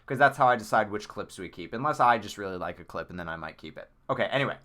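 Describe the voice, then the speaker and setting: A man hosting a live-stream clip tournament in casual chat, excitable and rambling with lots of fillers. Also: on the low side, quick pace.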